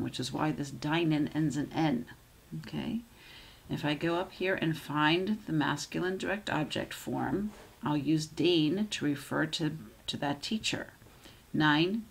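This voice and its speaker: A woman's voice: sits low, slightly rough. A woman teaching German grammar, patiently walking through example sentences and checking in with "okay?". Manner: slows down to model German sentences.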